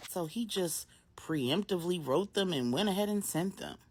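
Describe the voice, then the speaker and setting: A woman voicing a grown mother opening up to her best friend, earnest and searching. She sounds low and warm, talking it through in a plain, conversational way rather than a showy one. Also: expressive, moderate pace, husky. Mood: reflective.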